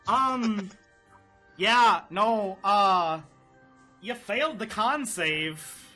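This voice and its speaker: A man running a tabletop game as dungeon master, animated and laughing often. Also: high-pitched, extremely slow, faint music behind.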